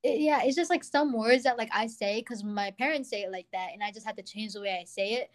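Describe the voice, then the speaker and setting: A woman's voice: fairly high pitch, fairly quick. Chatty young woman, lots of fillers. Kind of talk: casual conversation.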